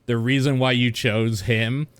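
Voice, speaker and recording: A man's voice: medium pitch, level tone, a little slow, smooth, no echo. A man giving rambling, casual commentary while reacting to a video, laughing now and then. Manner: chatty, rambling, laughs often.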